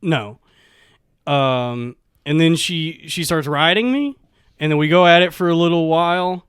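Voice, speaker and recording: A man's voice: on the high side, unhurried, fairly bright tone, clean tone, dry recording, studio quality. A young man telling a comic story on a podcast, laughing often through his own account. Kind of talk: casual comedic storytelling.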